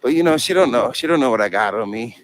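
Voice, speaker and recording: A fast-talking young New Yorker with a medium-pitched, animated voice rambles and cracks jokes in slang on a city street, swearing freely as he addresses both camera and police. He does First Amendment audits, and there's slight background noise.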